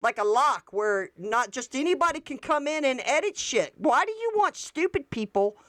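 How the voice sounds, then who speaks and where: Woman ranting about online posts, smooth clear voice, dead dry sound, swears a lot. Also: high-pitched, very animated, normal speed, a bit bright, no room sound. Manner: blunt, profane, reacting to posts on screen. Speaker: political commentary host. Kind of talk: casual political commentary.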